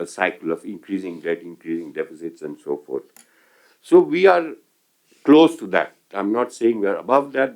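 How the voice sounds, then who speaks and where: Older indian english guy, deep low voice, slow careful panel talk with lots of uhs. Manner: measured, many hesitations and restarts. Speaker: economist panelist. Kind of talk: panel discussion remarks.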